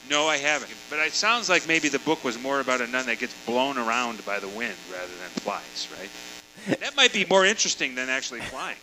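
A man's voice: mid-range voice, sing-song, bright, forceful tone, slight background noise, low-quality recording. A man co-hosting a podcast, chatting casually and joking playfully. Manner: playful, quick to joke. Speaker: podcast co-host. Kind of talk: casual chat.

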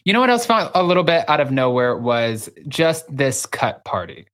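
A podcast co-host in casual chat, animated and gossipy, acting out what others said. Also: medium pitch, normal speed. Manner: animated, gossipy, acts out quoted voices.

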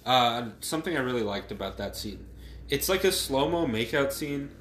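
A man's voice: mid-range voice, lively intonation, moderate pace, fairly bright tone, a little hiss or hum. A man co-hosting a podcast, laughing often and recapping a movie's plot in a casual chat. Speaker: podcast co-host. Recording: roomy echo.

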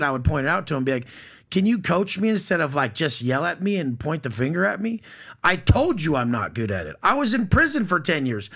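Blunt, profane man with a gravelly voice. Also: a little high, sharp tone. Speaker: podcast guest. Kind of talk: casual podcast conversation.

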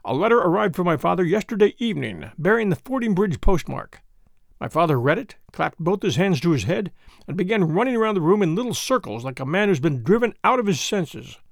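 A man's voice: sits high, big pitch swings, fairly quick, gravelly, no room sound, clean studio sound, heavily acted. A man as an indignant young Englishman. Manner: earnest, indignant storytelling. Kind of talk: audiobook character voice.

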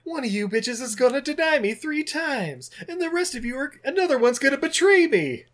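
A man's voice: very high voice, animated, moderate pace, a bit bright, pitched above the performer's own voice. A man voicing a surly, weary Jesus who bosses his followers with a bitter sneer.

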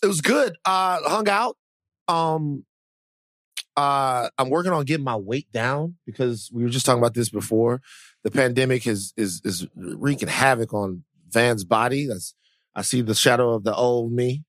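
A male podcast co-host talks casually, rambling and restarting with lots of fillers. The mid-range voice has a fairly bright tone and moderate pace, and the studio-quality audio carries no room sound.

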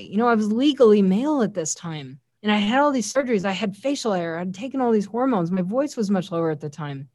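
A woman's voice: mid-range voice, expressive, fast, hardly any pauses, a little mellow, dry recording, studio quality. A woman giving an earnest, heartfelt faith testimony as an interview guest, often quoting scripture. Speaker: guest sharing a personal testimony.

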